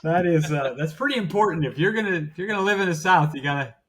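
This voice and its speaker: A man co-hosting a podcast in casual chat, relaxed and teasing. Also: a little high, fast talker. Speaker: podcast co-host.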